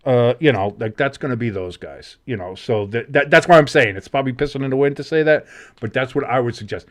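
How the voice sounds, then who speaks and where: This sports podcast co-host talks fast with few pauses at a medium pitch, meandering, cursing openly and leaning heavily on filler words in a casual chat.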